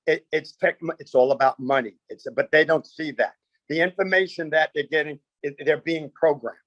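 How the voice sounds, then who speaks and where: A man's voice: fairly high pitch, steady tone, normal speed, fairly bright tone, no echo, dull audio. A man, a comedian guest, telling stories with punchy quoted bits and lots of animation.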